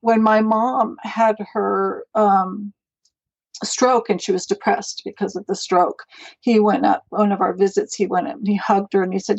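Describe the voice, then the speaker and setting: Speaking with a steady, gravelly mid-range voice at an easy pace, a middle-aged mental health advocate chats as a podcast guest in a casual interview. She rambles warmly through her stories, laughing as she goes; the audio is lo-fi and has no room sound.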